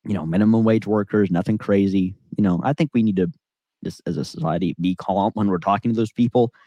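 A man's voice: on the low side, fast, no room sound, muffled recording. A young man on a podcast telling a long casual story, rambling with lots of fillers and acting out the people in it. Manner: rambling, filler-heavy, acts out quoted voices. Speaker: podcast co-host. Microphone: on-camera podcast mic.

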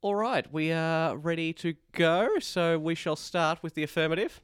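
A man hosting a casual debate podcast, playful, reading facts off in a brisk list. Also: fairly high pitch, smooth, soft background music. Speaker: debate host.

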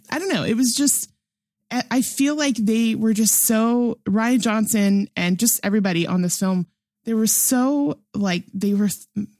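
A woman's voice: mid-range voice, a little mellow, dry recording. Young woman rambling happily about a movie, lots of likes and laughs, dry sound. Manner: enthusiastic, chatty, laughs often, many fillers. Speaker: film discussion panelist. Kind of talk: casual film review chat.

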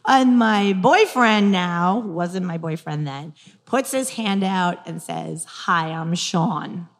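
A woman in her forties with a New York accent, telling a dating story and coaching on manifestation in a lively, frank, laughing way. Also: medium pitch, slow pace, big-room sound. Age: 40s. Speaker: guest speaker on dating and manifestation. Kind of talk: casual storytelling, coaching talk.

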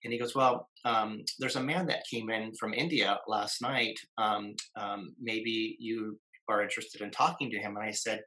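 A man in his fifties tells a personal story at length, halting often with fillers and starting phrases over. His voice sits a little low but sounds bright and forward. He slips into the voices of the people he quotes along the way. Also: fairly even intonation, poor audio. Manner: many fillers and restarts, acts out quoted voices. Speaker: guest. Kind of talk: casual storytelling in conversation.

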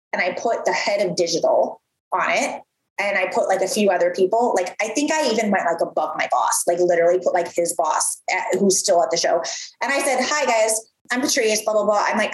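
A woman in her thirties telling a story from her career in a casual, animated way, full of fillers and acted-out quotes. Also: medium pitch. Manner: animated, lots of "like", acts out quoted voices. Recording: roomy echo.

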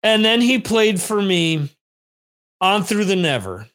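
A male podcast host rambles through his memories in a loose, unscripted monologue. His voice sits high for a man. He curses freely and often doubles back mid-sentence. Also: very animated, slow pace, fairly bright tone. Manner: rambling, profane storytelling. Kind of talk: casual monologue, answering listener questions. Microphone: on camera, streamed video.

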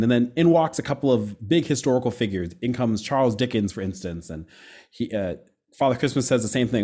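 Animated man chatting about faith. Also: medium pitch. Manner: animated, quick asides and self-corrections. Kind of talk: casual conversation on faith.

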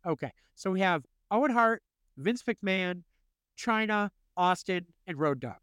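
A man co-hosting a podcast in casual chat, animated and quick to laugh. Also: sits high, clean tone, no echo, clean studio sound. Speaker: podcast co-host.

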